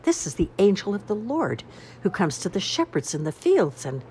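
A woman voicing a patient mother, weary, explaining, lively pitch. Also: normal speed, a little hiss or hum. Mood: reading aloud. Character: patient mother reading the Bible to kids.

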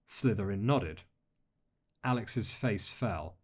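A man narrating a story aloud as an audiobook reader, steady and expressive. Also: lowish voice, slow pace. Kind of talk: audiobook reading of fan fiction.

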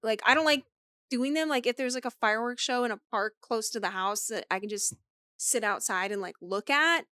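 A woman co-hosting a podcast, chatting casually, loud and swearing freely as she tells stories. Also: on the high side, a little fast, no echo. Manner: loud, swears a lot, animated storytelling. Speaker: podcast co-host. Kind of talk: casual chat.

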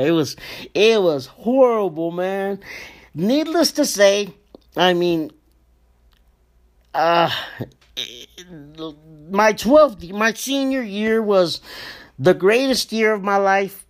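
Slow-talking man telling a personal story. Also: on the high side. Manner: slow, emotional, profane, addresses listeners as ladies and gentlemen. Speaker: podcast host.

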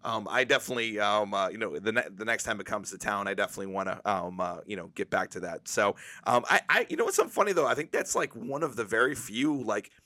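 A man's voice: lowish voice, animated, fast, hardly any pauses, bright, forceful tone, no echo, studio quality. A man hosting a podcast in casual chat, full of fillers like "um" and "the, um", and swearing freely. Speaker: podcast host.

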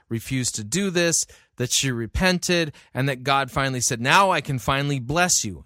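A man picks apart a sermon, reading scripture carefully and then breaking in with sarcastic, exasperated comments. His voice is slightly high and recorded dry and close, with no room sound. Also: fairly bright tone, no echo. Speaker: sermon reviewer, host. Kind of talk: critical commentary.

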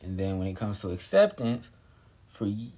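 A young man who is a guest on a casual podcast, speaking in a low-key, hesitant way and often clearing his throat. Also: very animated, moderate pace, dark tone. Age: young adult.

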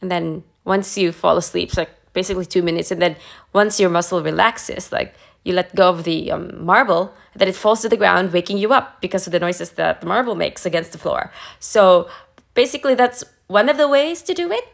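A woman's voice: fairly low pitch, a little fast, creaky. A woman co-hosting a podcast, chatting casually and hesitantly, with many fillers. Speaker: podcast co-host. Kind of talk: casual chat.

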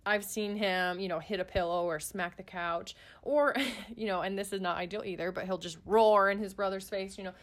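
A woman's voice: medium pitch, fairly even intonation, moderate pace, hardly any pauses. A woman who is a parent, talking in a casual, earnest way with many fillers and restarts. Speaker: parent guest on a podcast. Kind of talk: casual chat.

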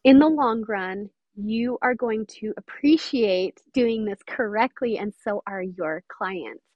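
A woman's voice: medium pitch, slow pace, no room sound, dull audio. A woman mentor talking earnestly and emphatically in an interview. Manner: earnest, emphatic, quotes others often. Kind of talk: interview conversation.

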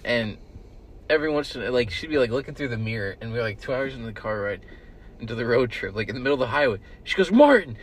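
A young man co-hosting a casual podcast, rambling through stories, swearing often and shouting the lines he quotes. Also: mid-range voice, quick pace, a little hiss or hum. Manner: rambling storyteller, swears a lot, loud bursts when quoting. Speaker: podcast co-host. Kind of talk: casual chat. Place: in a car with friends.

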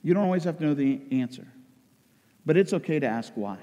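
A man preaching a sermon as pastor, swinging between loud emotional outcries and hushed intensity. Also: on the high side, animated, fairly quick, big-room sound.

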